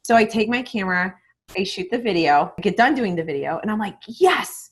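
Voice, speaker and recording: A woman guest on a podcast talking in a candid, animated way. She swears freely and acts out remembered conversations. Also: medium pitch, quick pace. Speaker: guest, online marketing mentor. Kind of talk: casual interview talk.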